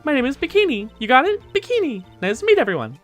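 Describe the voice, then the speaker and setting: A man's voice: very high voice, huge pitch swings, fast, a bit bright, soft background music, pitched above the performer's own voice, exaggerated voice. A man voicing a cheerful elderly woman who is head nun, in a chirpy, sing-song manner.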